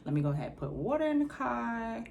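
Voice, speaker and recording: A woman voicing an easygoing male mechanic who is a helpful stranger, relaxed and reassuring in laid-back slang. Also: a little high, fast, vocal fry, a little hiss or hum, voice pushed up.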